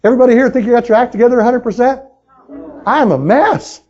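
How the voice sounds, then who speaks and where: A man speaking as a motivational speaker at a sales meeting, talking excitedly and pushing the crowd with questions in a live seminar talk. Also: extremely high pitch, quick pace, highs cut off. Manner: excitable, pushy, talks straight to the crowd with questions.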